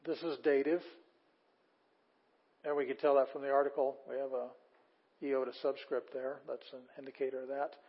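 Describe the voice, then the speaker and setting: A man teaching a Greek class reads Bible verses aloud and unpacks them word by word, casual with fillers and full of enthusiastic asides. He talks at normal speed with a medium, level, slightly breathy voice and long pauses, captured on slightly dull lo-fi audio.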